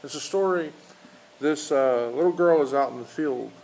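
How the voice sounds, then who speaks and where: A man preaching an informal sermon, telling a story with many pauses, fillers and restarts. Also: a little high, darkish tone, rough recording. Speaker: pastor. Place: outdoors in a park.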